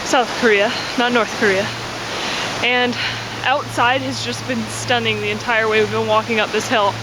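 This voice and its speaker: A woman's voice: a little high, steady tone. A woman casually narrating a travel vlog on location, describing what she sees as she walks by the sea and through a cave. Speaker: travel vlogger. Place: outdoors by the sea and inside a cave. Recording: loud outdoor noise of waves and rushing water. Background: waves, creek and cave waterfall.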